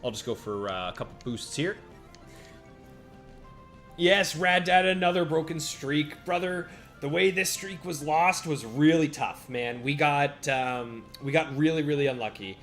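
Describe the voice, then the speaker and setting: A man giving casual live-stream commentary while playing a monster-battle game, chatting with viewers by name and reacting out loud to each turn. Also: on the high side, measured pace. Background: faint game music.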